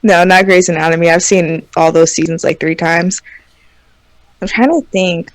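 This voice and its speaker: A woman's voice: on the low side, flat delivery, normal speed, no echo, low-quality recording. A young woman from Washington and Oregon co-hosting a casual podcast, laid-back and giggly, swearing casually as she chats. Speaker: co-host.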